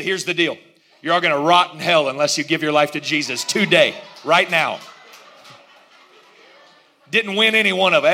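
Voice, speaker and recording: Man, pastor, lively sermon, high voice, bright tone, laughs along with the crowd. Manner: animated preaching, laughs and jokes with congregation.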